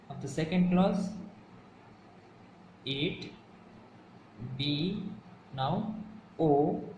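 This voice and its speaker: Male grammar teacher, slightly high voice, slow and methodical, restates each point; echoey room. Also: a little mellow. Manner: slow, careful, repeats and rephrases points. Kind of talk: explaining a lesson to viewers. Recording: echoey room with faint background hum.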